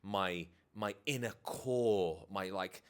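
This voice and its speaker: A man's voice: low voice, slow pace, clean tone. A man, a dating and life coach, talking frankly and reflectively to camera indoors, swearing casually now and then. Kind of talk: candid confessional talk to camera. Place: indoors with DJ kit behind him.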